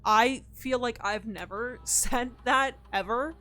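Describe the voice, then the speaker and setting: A woman's voice: on the high side, slow pace, pushed and bright. A woman streaming a puzzle game, thinking aloud, talking back to her chat and to the game's characters, and swearing in frustration. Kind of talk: live-streamed gameplay chat.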